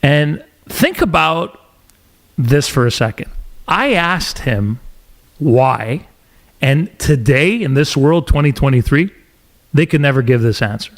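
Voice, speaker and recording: A middle-aged man from Montreal, a podcast host telling a story in casual interview chat with animated, emphatic delivery. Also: fairly high pitch, slow pace. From Montreal, Canada.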